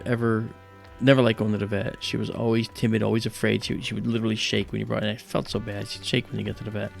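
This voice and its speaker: Man, gravelly voice, casual livestream host, rambling animated anecdotes, faint music behind. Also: fairly low pitch. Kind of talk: casual storytelling during a live stargazing stream.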